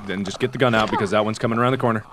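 A young man commenting on a video game he is playing, given to loud, expressive outbursts and self-mocking rants. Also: on the low side, rapid-fire, very noisy. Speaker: let's play host.

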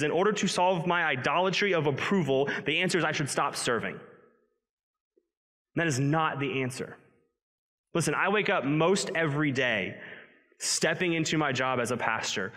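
A man's voice: fairly high pitch, sharp tone. A male pastor giving a sermon in a conversational, earnest way, with self-deprecating asides, in a church sanctuary. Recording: long hall reverb.

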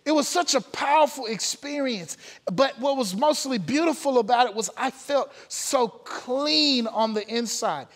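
A man's voice: extremely high pitch, lively intonation, measured pace, big-room sound. A man preaching a testimony sermon, telling his story earnestly with frequent filler sounds. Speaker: pastor. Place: church sanctuary.

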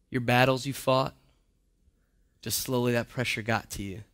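A young adult man preaching a sermon, telling stories with animation and dropping to a hushed voice for serious points. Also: mid-range voice, fairly even intonation, normal speed, pauses often. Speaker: pastor.

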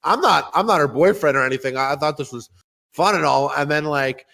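A young man co-hosting a podcast, telling crude stories and ranting loudly with lots of swearing. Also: a little high, a little fast, gravelly. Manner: loud, rowdy, profane rants and storytelling. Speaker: podcast co-host. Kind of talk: crude casual podcast banter.

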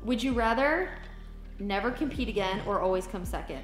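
A woman asking quick-fire questions in a playful, bubbly, giggly manner during a casual chat. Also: mid-range voice, lively intonation. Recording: roomy sound with music behind.

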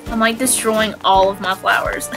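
A young adult woman streaming a game live, chatting excitably with viewers, giggling and squealing, her voice a little stuffy from allergies. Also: medium pitch, normal speed, over music, rough recording. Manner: excitable, giggly, squeals when finding players.

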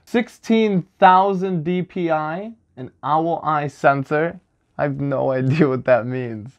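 A man's voice: fairly high pitch, muffled recording. A young man hosting a casual unboxing vlog, joking and self-mocking as he talks. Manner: jokey, animated, self-mocking. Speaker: vlogger.

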